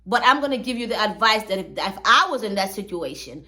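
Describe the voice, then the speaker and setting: A woman's voice: medium pitch, expressive, fast, sharp tone. A woman hosting a commentary channel, talking in a chatty, slangy storytelling way. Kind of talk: casual commentary.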